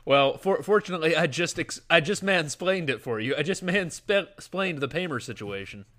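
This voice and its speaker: A man's voice: on the high side, expressive, normal speed, sharp tone. A man co-hosting a movie watch-along podcast, playful and full of trivia, often chuckling. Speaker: podcast co-host. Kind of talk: casual watch-along commentary.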